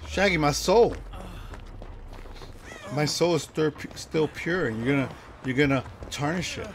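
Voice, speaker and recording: A man's voice: on the high side, expressive, measured pace, slight background noise. A man streaming a horror game live, chatting with viewers, swearing casually and yelping at the scares. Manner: jumpy, yelps and laughs at scares, chats with viewers.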